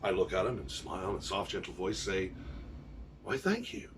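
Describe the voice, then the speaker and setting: A man's voice: low-pitched, fairly even intonation, fast talker, far from the mic, slight background noise. A man from Canada, a pirate band musician telling a wry, rambling story full of quoted dialogue. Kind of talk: casual storytelling.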